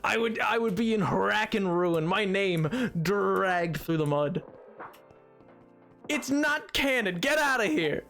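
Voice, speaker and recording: A man's voice: sits high, expressive, slow, gravelly, fairly bright tone, faint music behind. A man live-streaming a game, chatting casually and playfully with his viewers, rambling and pleading in mock protest as he reacts to chat. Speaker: livestreamer. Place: home streaming setup. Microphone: desk microphone.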